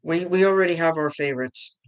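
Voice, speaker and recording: An adult livestream host chatting casually with viewers, enthusiastic and quick to giggle. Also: medium pitch.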